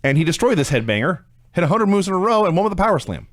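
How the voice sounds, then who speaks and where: A man's voice: high voice, sing-song, very fast, fairly bright tone, no room sound. A man co-hosting a casual podcast, recapping wrestling events in a matter-of-fact way with dry humor. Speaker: podcast co-host.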